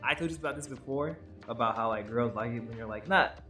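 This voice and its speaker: A man's voice: medium pitch, fast, pushed and bright, faint music behind. A young man co-hosting a podcast in casual chat, rambling and laughing as he acts out quotes. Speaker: podcast co-host.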